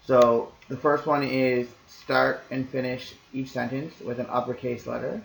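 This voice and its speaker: A man's voice: medium pitch, steady tone, unhurried, creaky, roomy sound, low-quality recording. A man teaching, explaining to parents in a recorded lesson in an easygoing, reassuring way, talking things through step by step.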